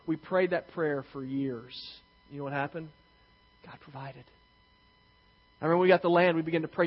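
A high-pitched man preaching to his congregation, animated and acting out the quotes as he goes. His voice rings through a long-reverb church hall on a slightly dull, lo-fi recording. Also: brisk. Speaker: pastor. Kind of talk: sermon.

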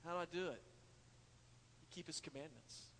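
A man preaching a sermon, emphatic, swinging from loud declarations to hushed asides. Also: fairly high pitch, moderate pace, in a large hall, a little hiss or hum. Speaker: pastor.

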